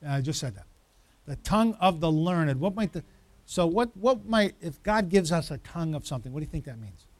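Pastor, male, high voice, dry sound; quizzes the room, then hammers points home with repetition. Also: lively intonation, a little fast, no echo. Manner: asks the congregation questions, builds to emphatic repetition. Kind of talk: interactive sermon.

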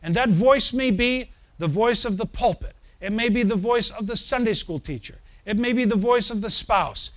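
A man's voice: very high voice, a bit bright. A man preaching a sermon as pastor, building to emphatic swells and checking in with the congregation through questions.

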